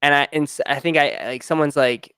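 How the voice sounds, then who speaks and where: A man's voice: a little high, fairly even intonation, brisk, fairly bright tone, clear, resonant tone, dry recording, clean studio sound. A man hosting a casual livestream chat, rambling with many restarts and fillers. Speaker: livestream host.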